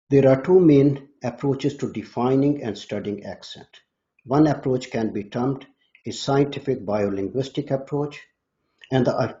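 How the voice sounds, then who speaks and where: A man explaining a scholarly topic in a measured, lecturing way, sometimes restarting words. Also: mid-range voice, dark tone. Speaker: guest expert. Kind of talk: academic explanation. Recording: dull lo-fi audio.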